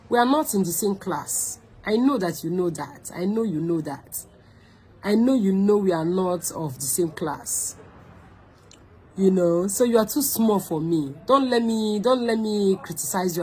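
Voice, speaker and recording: A woman's voice: medium pitch, darkish tone, slight background noise, rough recording. A woman with a Nigerian accent, hosting her own online show, delivering a scolding, confrontational rant straight to the camera, mixing pidgin into her English and repeating phrases for emphasis.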